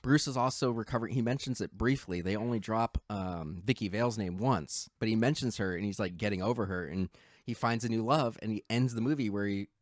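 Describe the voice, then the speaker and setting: A man co-hosting a podcast, retelling a film in animated casual chat and acting out its lines. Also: on the low side, fairly quick, dry recording, studio quality. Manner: animated storytelling, acts out quotes. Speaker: podcast co-host.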